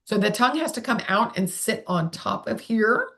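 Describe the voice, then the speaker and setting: A woman's voice: medium pitch, animated, normal speed, creaky, a bit bright. A woman speech therapist leading an online workshop in a chatty, digressive way, demonstrating sounds aloud. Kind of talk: live online workshop teaching.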